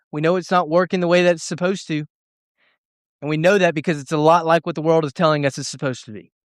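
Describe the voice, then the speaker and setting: Young male youth pastor, earnest and emotional sermon, fairly high voice, dry sound. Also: clear, resonant tone, no echo. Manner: earnest, emotional storytelling with many restarts.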